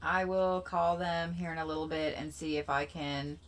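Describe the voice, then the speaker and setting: A woman hosting a casual livestream, rambling and repeating herself with sudden excitable bursts. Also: low-pitched, moderate pace. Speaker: livestream host.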